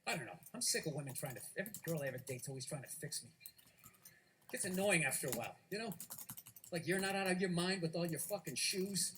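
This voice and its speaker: A middle-aged man performs stand-up, his voice sitting high with a bright, sharp edge. He rants with plenty of profanity and bursts into shouts. A faint hiss sits underneath. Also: lively intonation, quick pace. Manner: loud, profane ranting with shouted outbursts. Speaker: stand-up comedian. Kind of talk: stand-up comedy routine.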